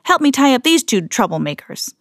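Woman voicing male robber boss, gruff, bossy, blunt, storybook, dry sound. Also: sits high, sing-song, fairly quick, dry recording, voice pushed up. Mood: menacing.

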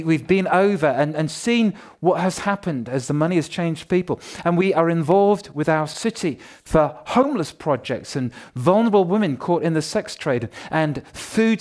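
Pastor, male, slightly high voice, chatty and playful delivery to a congregation. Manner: lively, jokey and conversational, talks to the congregation. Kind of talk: sermon with church notices.

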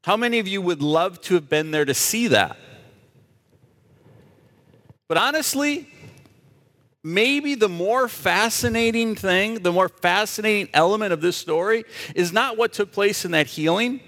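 A man's voice: sits high, animated, moderate pace, a bit bright, in a large hall. A man preaching a sermon as a pastor, emphatic and asking the audience rhetorical questions.

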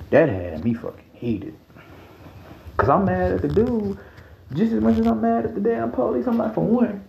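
A man's voice: gravelly, slight background noise. Heated, profane man ranting, roomy lo-fi. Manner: heated, profane, swings from low mutters to high yells. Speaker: podcast host. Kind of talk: casual podcast rant. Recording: roomy, dull lo-fi sound.

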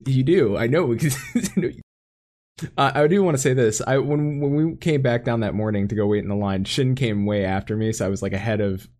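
A man from Florida co-hosting a podcast, telling stories in an animated way, laughing often and acting out what people said. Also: medium pitch, moderate pace. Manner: animated storyteller, laughs often, acts out quotes. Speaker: podcast co-host. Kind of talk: casual chat.

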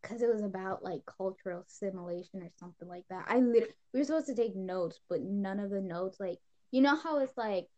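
A woman's voice: medium pitch, a little fast, mellow, highs cut off. A teenage girl chatting casually on a podcast, telling a story full of giggles and bursts of laughter. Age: teens. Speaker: podcast co-host. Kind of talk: casual chat.

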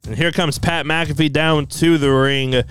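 A man casually recounting an imagined wrestling show in an excitable storytelling manner. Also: fairly high pitch, faint music behind. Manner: excitable, quick, laughs as he tells it. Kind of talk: casual fantasy wrestling recap.

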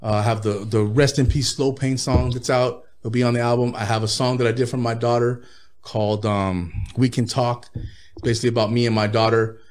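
A man's voice: medium pitch, level tone, a little fast, darkish tone. A man, a rapper guest in his thirties, telling profane, laid-back stories with frequent laughs in a casual interview.

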